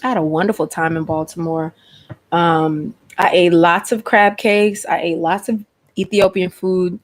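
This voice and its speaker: A woman from Atlanta, hosting a casual livestream chat. She is chatty and expressive, and she calls her listeners "honey" and "y'all.". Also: on the low side, a little slow. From Atlanta, Georgia, USA. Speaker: host.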